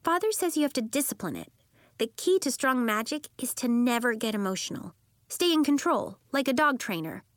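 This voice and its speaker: A woman voicing an eager young shapeshifting girl in a storybook, with a bright, insistent, excitable delivery. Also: a little high, moderate pace, no echo, clean studio sound, pitched above the performer's own voice, close to an everyday voice. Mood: earnest. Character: eager young girl who shifts into animals.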